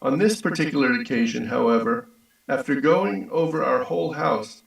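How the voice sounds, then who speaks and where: Male reader, measured, gravelly tone, distant mic, heavy room echo. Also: on the high side. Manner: steady, measured reading. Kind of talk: reading a text aloud.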